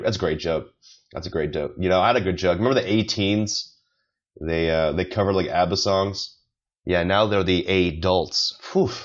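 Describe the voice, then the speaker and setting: Rambling sarcastic young man, lo-fi. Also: fairly low pitch. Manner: rambling, sarcastic, swears a lot. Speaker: podcast host. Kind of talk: solo comedy podcast rant.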